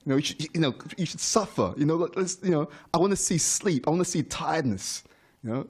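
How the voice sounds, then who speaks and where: A man's voice: fairly high pitch, animated, fairly quick, slightly rough. A man voicing a fellow temple member who mocks someone for being happy, with teasing, exaggerated disbelief.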